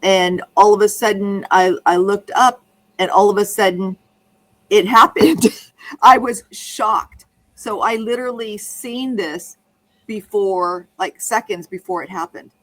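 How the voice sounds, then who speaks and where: A woman's voice: medium pitch, fairly even intonation, a little slow, rough recording. A woman in casual conversation, telling a rambling anecdote that keeps restarting and circling back.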